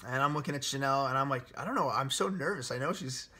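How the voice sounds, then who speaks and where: A young man in his twenties telling a story in a casual chat, animated and laughing often. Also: medium pitch, fast talker, breathy edge.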